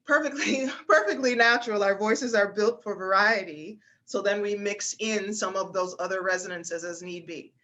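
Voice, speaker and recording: A woman speech instructor guiding a class over a video call, talking through breathing and resonance with plenty of fillers. She breaks into bright, high exclamations to demonstrate the head voice. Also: fairly even intonation, moderate pace, few pauses. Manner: demonstrates pitches with exaggerated exclamations, frequent fillers.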